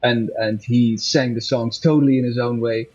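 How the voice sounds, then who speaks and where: A man's voice: medium pitch, fairly even intonation, moderate pace, a little mellow, husky. A man talking casually in an interview as a musician guest, rambling and correcting himself, laughing often. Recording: dull lo-fi audio with faint music.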